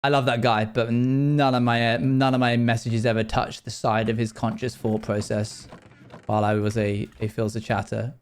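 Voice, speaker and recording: A man's voice: medium pitch, level tone, normal speed, smooth. Rambling young male streamer chatting casually. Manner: rambling, chatty, often restarts mid-sentence. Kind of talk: casual livestream chat while playing.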